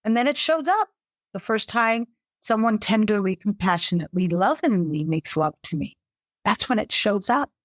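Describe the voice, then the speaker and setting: A middle-aged woman psychotherapist talks in an interview, expressive and vivid, sometimes slipping into her clients' voices. Her voice sits at a middle pitch for a woman. The recording is dry and close. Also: moderate pace, no echo. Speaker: psychotherapist guest. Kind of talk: interview conversation. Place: US capital region.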